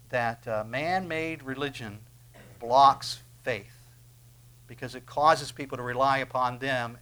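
A man's voice: medium pitch, a bit bright. A man preaching a sermon in a loose, conversational way. He asks his listeners questions and briefly acts out the voices of the people he quotes.

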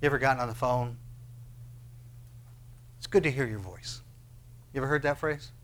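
A pastor with a mid-range voice preaches a sermon, firing question after question at his listeners. He swings between hushed, slow passages and loud, rising ones.

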